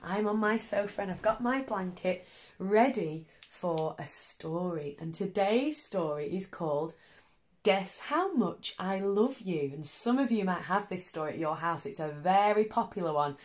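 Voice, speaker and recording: A woman teacher reads a picture book aloud to young children from her sofa at home. She talks slowly and gently and keeps inviting the children to join in. Her voice sits a little low. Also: expressive. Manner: warm, gentle and encouraging.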